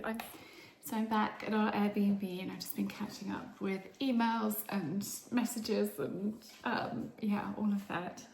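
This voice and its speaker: A middle-aged woman from England talking through her day in a casual vlog, chatty and emotional, often dropping to a hush. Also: medium pitch, normal speed, gravelly. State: emotional, tearful. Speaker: vlogger. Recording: echoey room, faint background noise.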